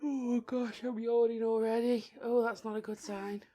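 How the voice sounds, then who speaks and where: A woman's voice: on the high side, level tone, normal speed, warm tone. A woman, chatting playfully and teasing during a film commentary. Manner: playful, teasing, self-deprecating. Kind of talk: casual chat.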